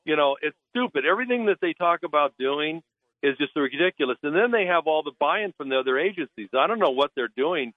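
A man's voice: fairly high pitch, expressive, fairly quick, no echo. A man calling in as a guest on a radio talk show, blunt and indignant, talking over a phone line. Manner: indignant, blunt, mocks officials in put-on voices. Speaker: naturalist guest.

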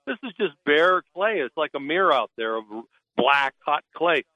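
Over a phone line, a naturalist guest on a talk radio show speaks at normal speed in a fairly high, sing-song, pushed and bright voice, with no echo. Blunt and indignant, he ridicules officials with put-on voices.

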